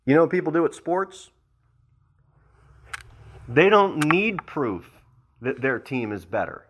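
Lively, animated male preacher. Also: on the high side, slow, slightly rough. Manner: animated preacher acting out quoted people. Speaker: pastor. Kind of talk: verse-by-verse sermon.

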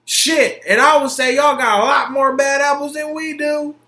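A young man hosts his own podcast in a heated, profane rant. His voice sits high and sounds bright and forceful. The recording carries a roomy echo. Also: steady tone, normal speed. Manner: heated, profane, emphatic, repeats himself. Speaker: podcast host. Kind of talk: solo opinion podcast rant.

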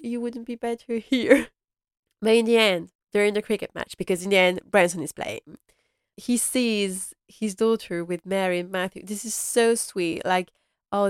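A woman's voice: medium pitch, clear, resonant tone, dry recording, clean studio sound. Gushing woman recapping a drama. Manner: gushing, rambling, many fillers. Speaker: podcast host. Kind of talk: casual episode recap chat.

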